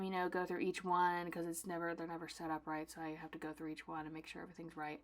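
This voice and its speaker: A young woman artist chatting casually while she packs her own orders, dramatic and self-mocking, swinging between loud bursts and soft asides. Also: on the low side, fairly even intonation, fast talker. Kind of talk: casual vlog chat.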